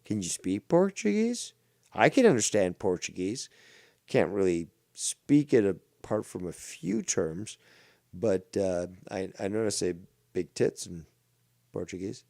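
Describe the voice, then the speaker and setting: A man rants through a commentary segment, slow and deliberate, jeering and cursing at a rival. His voice sits low and mellow. The sound is close and dry. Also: big pitch swings, vocal fry, dry recording. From Ontario, Canada. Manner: mocking, insulting, profane. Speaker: commentary show host. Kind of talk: ranting commentary.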